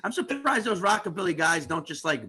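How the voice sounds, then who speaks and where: A man's voice: sits high, very animated, a little fast, bright, forceful tone. A man guesting on a comedy podcast, riffing through profane, rambling rants. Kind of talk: casual comedy podcast chat.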